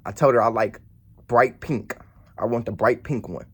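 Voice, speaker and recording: A man's voice: mid-range voice, moderate pace, husky. A man telling a story to camera in a blunt, profane, rambling way. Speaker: vlogger. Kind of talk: casual storytelling.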